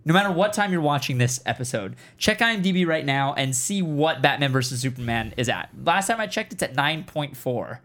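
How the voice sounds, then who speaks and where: A man's voice: medium pitch, animated, brisk, few pauses, a bit bright. A man hosting a casual group chat, rambling with many fillers and restarts. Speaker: podcast host.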